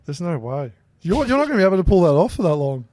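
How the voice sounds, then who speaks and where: A man's voice: high-pitched, very animated, rapid-fire, a little mellow, dry recording. Teasing Australian man, dry close sound. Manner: teasing, swears freely, laughs often. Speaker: podcast co-host. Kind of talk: casual chat. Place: small studio.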